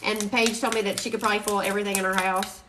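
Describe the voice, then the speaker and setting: A woman's voice: mid-range voice, flat delivery, rapid-fire, noisy background. A woman hosting a crafting live stream, chatting in a rambling, chatty way and laughing often. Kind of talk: casual live stream chat.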